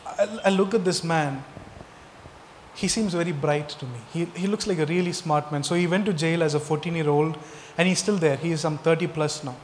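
A man's voice: a little high, brisk, in a large hall, a little hiss or hum. A male pastor delivering a sermon, asking the congregation rhetorical questions and stressing key points.

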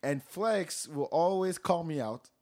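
A podcast host with a fairly high male voice. He chats casually and tells stories in an animated, joking manner. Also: unhurried.

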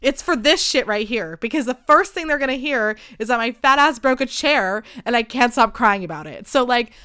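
Bright chatty woman in her late twenties. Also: expressive, moderate pace, clear, resonant tone, no echo, clean studio sound. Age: late 20s. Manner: chatty and self-deprecating, with frequent fillers and pitch jumps. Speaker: podcast host. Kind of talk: casual confessional chat.

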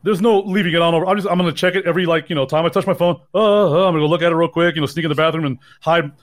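A man's voice: fairly high pitch, steady tone, rapid-fire. A sleep-deprived man co-hosting a podcast in casual chat, rambling and mocking himself with frequent laughs. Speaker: podcast co-host.

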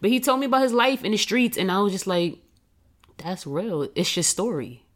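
A woman guest on a podcast in casual chat, heartfelt and emotional, often dropping to a hushed voice. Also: medium pitch, lively intonation, normal speed.

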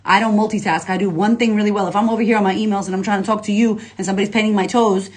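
An energetic woman life coach chats live to her followers over a phone or webcam. She speaks at a middle pitch, loose and slangy, with plenty of swearing, and stops now and then to read out comments. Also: very fast. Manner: energetic, slangy and profane, reads out viewer comments. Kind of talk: casual livestream talk to followers.

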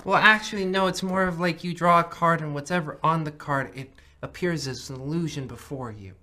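A woman's voice: deep voice, fairly quick, pushed and bright. A woman playing a tabletop game, chatting playfully and laughing easily. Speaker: player. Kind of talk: casual chat at a game table.

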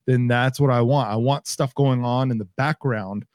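Animated male podcast co-host, dry sound. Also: mid-range voice, normal speed, dry recording. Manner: animated, acts out reactions in quotes. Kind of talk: casual chat. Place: home, remote recording.

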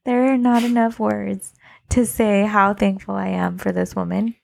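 Gravelly-voiced young woman telling a story. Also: mid-range voice, moderate pace. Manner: animated, laughs often, acts out quotes. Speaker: podcast co-host telling her birth story. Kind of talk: casual storytelling chat.

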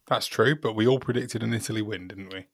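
A man's voice: lowish voice, fairly bright tone, a little hiss or hum. A man, co-hosting a casual football podcast, chatty and given to long explanations. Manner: chatty, laughs often, drawn-out explanations. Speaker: podcast co-host.

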